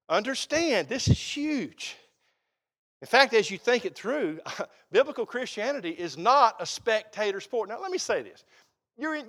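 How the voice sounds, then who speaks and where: A man's voice: very high voice, a bit bright. A middle-aged man preaching a sermon as pastor, folksy and emphatic.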